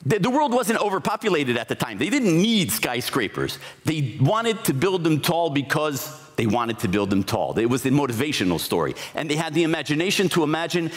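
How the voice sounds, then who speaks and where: A man's voice: on the high side, very animated, brisk, hardly any pauses. A man giving a conference talk, explaining ideas in a reflective way with occasional restarts. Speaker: conference speaker. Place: conference hall. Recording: hall reverb.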